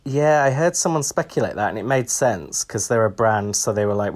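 A man's voice: lowish voice, animated, a little fast, few pauses. Guy cohosting a podcast, wry and chatty, lots of ums. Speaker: podcast co-host. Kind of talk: casual chat.

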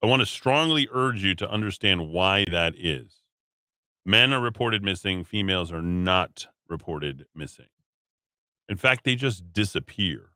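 A man's voice: deep voice, pushed and bright, dry recording. A man hosting a talk radio show in a studio, rambling casually with many fillers and restarts.

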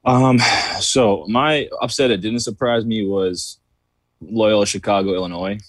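Low-voiced man musing on a dry mic. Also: measured pace, no room sound. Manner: relaxed, rambling, lots of "you know". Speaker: podcast co-host. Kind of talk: casual sports debate chat.

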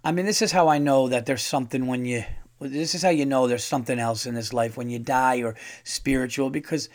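A man's voice: mid-range voice, steady tone, brisk. A male comedian hosting a podcast, telling a rambling, self-deprecating story with stammers and restarts. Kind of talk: casual storytelling.

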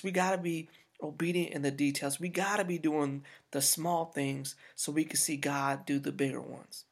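A man's voice: a little high, gravelly. A man preaching a sermon as pastor, talking to the congregation in a conversational, emphatic way.

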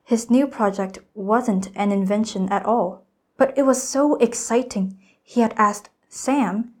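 A teenage student girl reading a children's storybook aloud, careful and expressive. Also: mid-range voice. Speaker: student reader.

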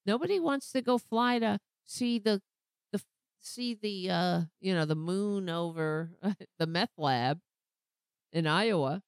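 A woman hosting a casual political commentary show, talking sarcastically and rambling, her voice going hoarse. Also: mid-range voice, animated, dry recording. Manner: sarcastic, rambling, slow-paced. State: losing her voice, clearing throat. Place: home, pet on lap.

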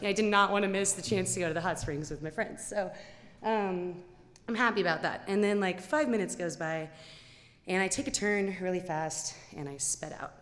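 Lower-voiced young woman telling a story live. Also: normal speed, long reverb tail. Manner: animated, lots of "like" and "um", acts out quotes. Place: stage before an audience.

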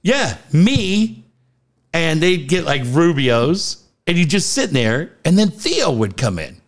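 Male host, swears freely, animated range, slightly high voice, loose studio chat. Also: slow. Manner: profane storytelling, animated quoted voices. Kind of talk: casual chat.

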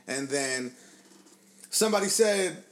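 A man chatting casually among friends, telling an animated story full of swearing and acted-out quotes. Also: on the high side, slow pace, slight background noise. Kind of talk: casual podcast chat.

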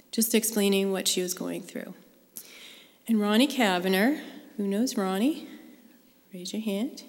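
A woman sharing a personal faith story with a live group, in an earnest, conversational way. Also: mid-range voice. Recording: long hall reverb.

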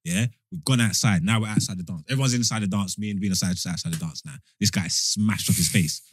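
A man's voice: fairly low pitch, fast talker, husky. A young man telling a story in casual chat among friends, acting out what people said. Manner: animated, acts out quoted lines.

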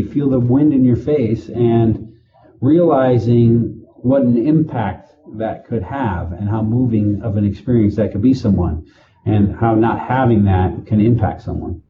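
A man working in prison administration, answering interview questions slowly with many pauses and fillers. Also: medium pitch, phone-quality sound. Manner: slow, halting, with many fillers.

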